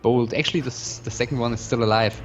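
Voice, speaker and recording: A man co-commentating a strategy game match in an analytical way, pausing often with fillers. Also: mid-range voice, dull audio. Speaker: esports co-commentator. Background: background music.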